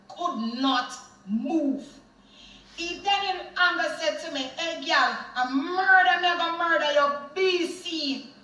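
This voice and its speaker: A woman with a Jamaican accent telling a vivid personal story in an interview. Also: sits high. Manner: animated, vivid retelling. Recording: echoey room, far from mic.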